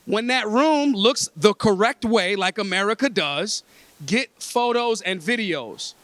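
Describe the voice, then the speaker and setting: Blunt streetwise man with a high voice. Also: animated, unhurried, fairly bright tone, no room sound. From Philadelphia. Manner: streetwise, emphatic, swears freely. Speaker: convention speaker. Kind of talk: blunt, profane talk to a room. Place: indoor convention breakfast.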